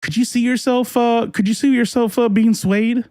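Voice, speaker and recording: A man's voice: very high voice, steady tone, moderate pace, a little mellow, clean tone, no room sound, clean studio sound. A man doing casual live-stream political commentary, reading chat and ranting in a heated, profane, rambling way with many restarts.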